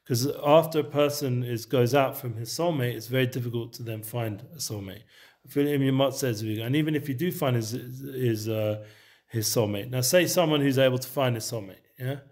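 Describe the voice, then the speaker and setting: A man's voice: mid-range voice, normal speed, darkish tone. Casual man teaching Torah texts. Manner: mixes Hebrew terms into English, loose and conversational. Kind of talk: casual Torah study session.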